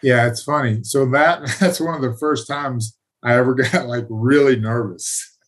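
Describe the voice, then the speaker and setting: A man's voice: medium pitch, measured pace. A man talking casually as an interview guest, laid-back and self-mocking, rambling through his stories. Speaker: podcast guest, former fighter.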